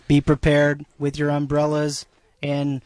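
A man co-hosting a radio talk show, giving the opening greeting in a mock-formal, drawn-out way from the studio. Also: a little high, completely flat delivery, a little mellow, dry recording.

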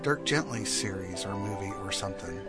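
A man's voice: on the low side, lively intonation, a little fast, over music. A man hosting a radio tech show, bantering casually and laughing often.

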